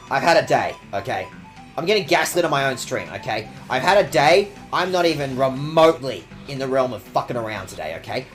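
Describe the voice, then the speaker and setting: A man's voice: medium pitch, sing-song, fairly quick, soft background music. A young man streaming a video game, swearing and mock-outraged as he reads the game text aloud and talks to chat. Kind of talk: casual let's-play commentary.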